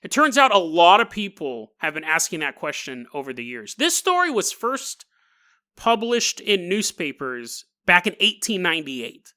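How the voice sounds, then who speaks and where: A man's voice: sits high, huge pitch swings, normal speed, pushed and bright. A man hosting a podcast, telling an eerie tale in a chatty, jokey way with frequent laughs. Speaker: podcast host. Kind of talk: casual storytelling podcast.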